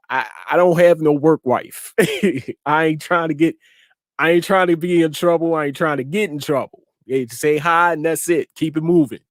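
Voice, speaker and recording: A man's voice: on the high side, no echo. Man, talk show host, repeats words, dry close sound. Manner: laughs often, repeats words, slangy. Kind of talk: casual chat to a live audience.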